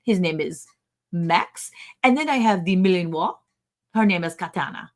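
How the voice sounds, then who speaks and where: A woman voicing a friendly French woman neighbor with a French accent, speaking haltingly while unsure of English words. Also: on the low side, expressive, close to an everyday voice. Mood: explaining.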